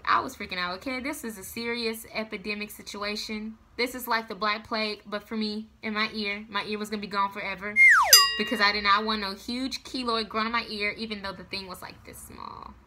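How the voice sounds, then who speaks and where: A young adult woman telling a story to camera in a casual vlog, with dramatic, animated delivery. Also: mid-range voice, brisk. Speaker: vlogger.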